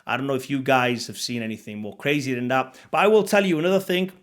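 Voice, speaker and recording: A man telling a story to camera in a casual vlog, animated and blunt, swearing freely and acting out the moments. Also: mid-range voice, quick pace. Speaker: vlogger.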